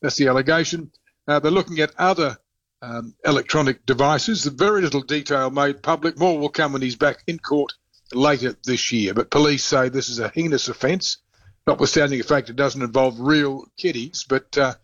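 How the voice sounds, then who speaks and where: A man reporting as a radio correspondent, blunt and colloquial, halting with fillers. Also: mid-range voice, fairly bright tone, no echo, highs cut off. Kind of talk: live radio phone report.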